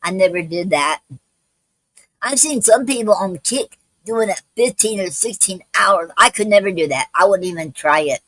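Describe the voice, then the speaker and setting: A woman poet hosting a live stream, out of breath, talking in a halting way with many fillers and restarts. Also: mid-range voice, lively intonation, fairly bright tone, dry recording, poor audio. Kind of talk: casual live-stream chat and poetry reading.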